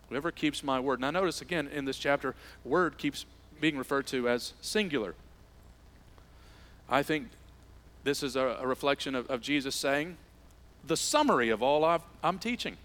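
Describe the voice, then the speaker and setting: A man preaching a sermon as pastor, swinging between emphatic rises and quiet drops. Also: a little high, expressive, normal speed. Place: church sanctuary.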